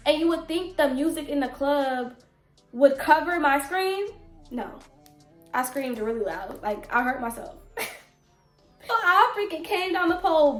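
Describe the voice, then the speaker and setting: Young woman, high-pitched, chatty storytime vlog, echoey room, faint background music. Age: 20s. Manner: chatty, animated, talks straight to viewers. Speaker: vlogger.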